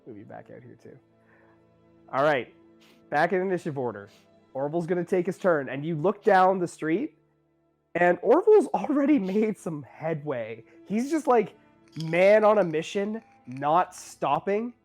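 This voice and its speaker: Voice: mid-range voice, very animated, a little slow, darkish tone, soft background music. A game master narrating a tabletop game in a casual, rambling way, full of fillers and self-corrections.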